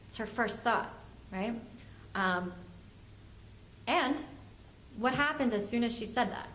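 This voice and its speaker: A woman's voice: fairly high pitch, animated, unhurried, long pauses, fairly bright tone, slight background noise. A woman, a family therapist, giving a workshop lecture and acting out the parents and kids she quotes. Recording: echoey room, faint ambience.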